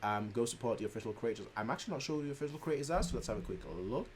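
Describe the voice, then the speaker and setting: A young man hosting a reaction video in a chatty, animated way, laughing often. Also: mid-range voice, very fast, slight background noise. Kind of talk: casual chat.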